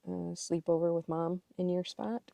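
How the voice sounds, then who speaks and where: On a boat out on a marsh, a woman co-hosts a casual podcast, trading family stories and acting out the voices of the people she quotes. Her lowish, gravelly voice moves at a moderate pace, picked up from a distance with no echo.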